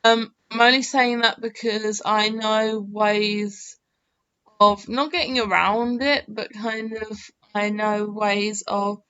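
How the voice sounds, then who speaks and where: A woman talks her way through a game in an unhurried, smooth voice, full of fillers and teasing herself as she goes. The audio sounds a little muffled and lo-fi. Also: medium pitch, level tone, sharp tone. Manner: chatty, self-mocking, thinks aloud with many fillers. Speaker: game channel host. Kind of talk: rambling gameplay commentary.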